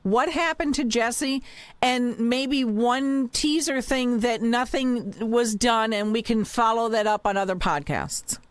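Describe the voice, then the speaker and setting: A woman hosting a podcast interview, steering the guest briskly with short affirmations. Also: a little high, no room sound. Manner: brisk, guiding, brief affirmations. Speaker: podcast host.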